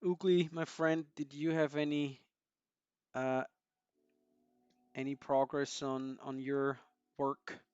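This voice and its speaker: A man's voice: medium pitch, little pitch movement, slow, pauses often, darkish tone, clean tone, dry recording, lo-fi sound. A man hosting a live stream, chatting casually and greeting viewers by name with frequent chuckles.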